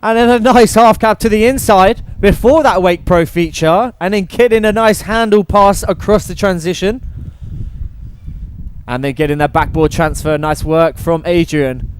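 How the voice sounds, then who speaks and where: A man's voice: high voice, normal speed, slight background noise, rough recording. A man giving upbeat live play-by-play commentary at an outdoor wakeboard contest. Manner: upbeat play-by-play with trick names. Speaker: event commentator. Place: outdoor cable wakeboard park.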